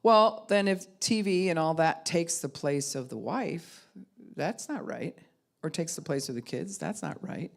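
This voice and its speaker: A woman's voice: low-pitched, expressive, unhurried, vocal fry. Frank middle-aged woman pastor. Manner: candid and frank, acting out quoted voices. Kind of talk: conversational teaching talk.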